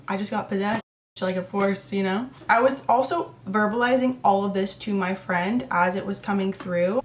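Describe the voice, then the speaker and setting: Young woman vlogging a ghost story, dramatic and chatty, bit of faint noise behind. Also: mid-range voice. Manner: dramatic, emphatic, swearing, quick asides. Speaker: psychic vlogger. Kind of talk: casual storytelling.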